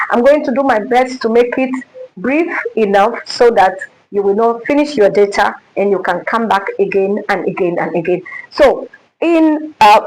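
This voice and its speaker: Middle-aged woman music teacher; unhurried, emphatic, quizzes the class, a touch high-pitched. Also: poor audio. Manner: slow, emphatic, repeats and quizzes the listener.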